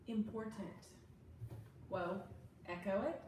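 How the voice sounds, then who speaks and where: A woman's voice: mid-range voice, moderate pace, background noise. A woman tutoring a student one-on-one in spelling and phonics, giving patient step-by-step prompts. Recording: echoey room from a distant mic with faint ambience.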